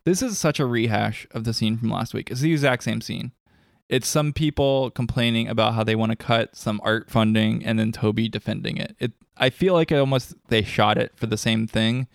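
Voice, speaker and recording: A man's voice: mid-range voice, normal speed, vocal fry, dry recording, studio quality. A man co-hosting a podcast, recapping a TV episode in casual, joking chat. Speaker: podcast co-host.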